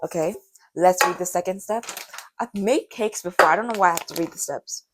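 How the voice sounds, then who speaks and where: A young woman in her late teens, with a hoarse voice that sounds deep to her, chatting in a rambling, self-mocking way while she bakes for a vlog. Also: fairly quick, noisy background. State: hoarse from karaoke. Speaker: vlogger. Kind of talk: casual baking vlog chat.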